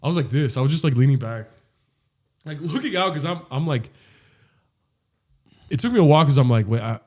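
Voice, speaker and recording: A podcast co-host with a slightly high, animated voice talks fairly quickly, with a touch of mellowness. He tells a long story in a loose, rambling way, swearing and saying "like" a lot, and often restarts his sentences.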